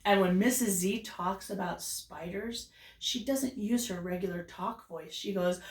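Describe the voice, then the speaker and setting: A woman teaching a kindergarten class, with an animated, exaggerated sing-song delivery. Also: medium pitch, measured pace. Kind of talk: lesson for young children. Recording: roomy echo, voice from a distance.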